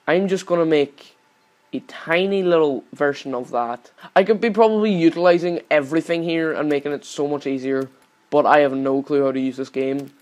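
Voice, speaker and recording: Young man, gaming commentary, slightly high voice, swears nonstop, frustrated yelling. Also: moderate pace. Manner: swears constantly, yells at the game in frustration. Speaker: gaming channel host. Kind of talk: gameplay commentary.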